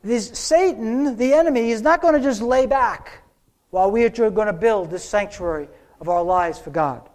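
A man preaching a sermon, telling a story with slow, dramatic pauses. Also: high voice, a little mellow.

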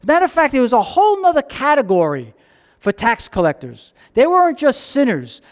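A man's voice: very high voice, fairly quick. A male pastor preaching a sermon, telling stories and acting out the voices in them. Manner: animated storytelling, acting out voices in dialogue.

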